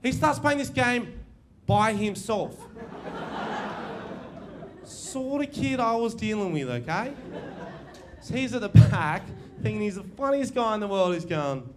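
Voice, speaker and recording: A young Australian man doing a crude, brash live stand-up routine, telling stories with quick asides. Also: high voice, expressive, music in the background, a crowd in the background. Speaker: stand-up comedian. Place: comedy venue stage.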